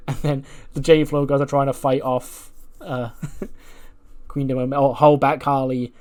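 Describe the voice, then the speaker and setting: A man's voice: medium pitch, level tone, unhurried, darkish tone. A man casually narrating a wrestling management game, rambling with lots of fillers. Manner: rambling, lots of "like" and "you know". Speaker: let's play narrator.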